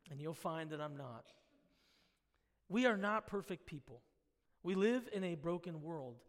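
A male pastor preaching an earnest sermon, swinging between loud and hushed and acting out the voices he quotes. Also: very high-pitched. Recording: long reverb of a large hall.

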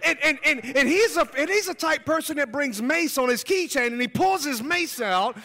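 A man with a very high, bright and lively voice preaches a sermon testimony at normal speed, swinging between hushed asides and shouted peaks. He jokes and tells stories along the way, and a long hall reverb makes the sound ring.

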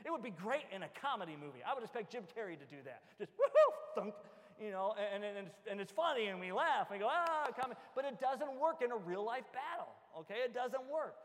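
A man preaching a sermon as pastor, animated and joking, acting out little everyday scenes. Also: high-pitched, fast, few pauses. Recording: long hall reverb.

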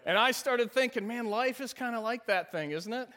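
Man, pastor, sermon, high voice, humorous storytelling. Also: moderate pace, pushed and bright. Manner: storytelling, self-deprecating humor, laughs often.

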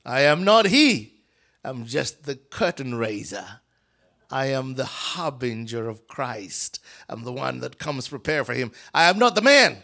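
A man from Africa, a guest preacher, telling a Bible story in an animated sermon, acting out voices and swinging from whispers to shouts. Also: medium pitch, measured pace, creaky.

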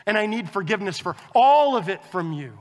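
A man preaching a sermon as a pastor, conversational and animated, acting out quoted dialogue with his wife. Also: high voice, a little fast, big-room sound.

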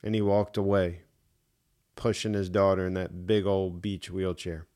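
A middle-aged man speaks slowly and deliberately in a low register, hosting his own podcast. He talks with earnest emphasis and goes back over his points to drive them home. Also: flat delivery, mellow. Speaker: podcast host. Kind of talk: reflective solo podcast monologue.

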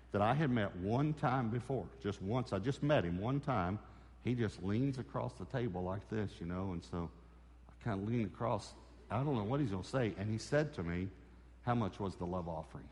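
A man's voice: on the low side, a little mellow, big-room sound. A man preaching a sermon, telling a personal story and acting out the conversations in it. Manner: storytelling, acts out dialogue with God. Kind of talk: sermon testimony.

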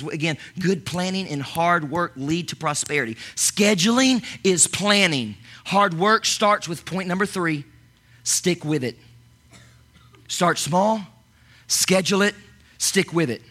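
A man preaching a lively sermon as pastor, talking in bursts with many repeated words and restarts. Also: fairly high pitch, husky.

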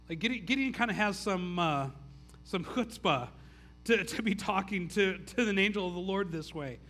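Pastor, male, high and bright tone, casual sermon with stumbling restarts. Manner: casual, stammering restarts, frequent "like". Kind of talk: conversational sermon.

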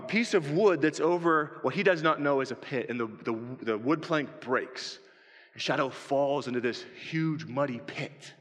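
A man preaching a sermon, animated, acting out scenes from a movie with pleading shouts. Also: fairly high pitch, in a large hall. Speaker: pastor.

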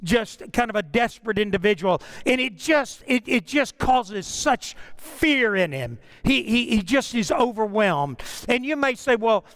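A man's voice: very high voice, lively intonation, measured pace, hardly any pauses, fairly bright tone. A man preaching a sermon, telling stories in a conversational way with frequent restarts. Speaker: pastor.

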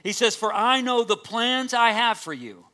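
A man's voice: very high voice, animated, moderate pace, sharp tone. A man preaching a sermon to his church, earnest and emphatic, repeating key phrases and asking the congregation direct questions. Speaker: pastor.

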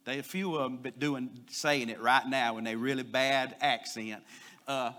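A man preaching a sermon, telling a folksy story and pushing louder on his key points. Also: medium pitch, fairly even intonation, normal speed.

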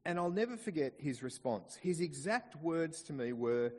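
An Australian man preaching a sermon in church, slowing down to dwell on quoted scripture. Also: fairly high pitch, long reverb tail. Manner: expressive preaching, slows down to stress quoted scripture. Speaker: pastor.

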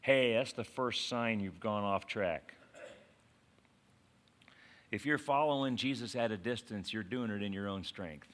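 A man preaching a sermon in an animated way, acting out quotes and asking the congregation questions. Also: lowish voice, a little slow, pauses often. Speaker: pastor.

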